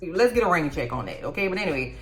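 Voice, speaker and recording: A woman's voice: on the low side, very animated, quick pace. A woman hosting a casual show recap, blunt and profane, with mocking asides. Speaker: YouTube recap host. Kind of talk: casual reaction commentary.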